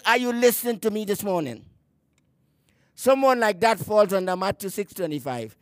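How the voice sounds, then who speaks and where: A man preaching a sermon. He reads scripture aloud and preaches emphatically, slowing down to stress key words and sometimes repeating a word as he searches for the next one. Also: high-pitched, lively intonation, no echo, clean studio sound.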